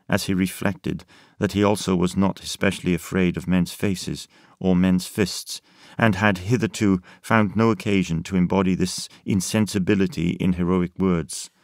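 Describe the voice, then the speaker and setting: A man narrating an audiobook in a measured, deliberate scripted reading. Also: deep voice, creaky, no echo, studio quality.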